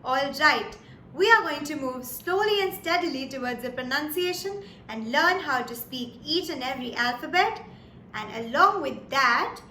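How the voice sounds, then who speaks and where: In an echoey room with a little background noise, an Indian woman patiently and slowly delivers a German lesson. Her voice is high and sharp; she repeats each word twice and often asks "Yes?" or "All right?".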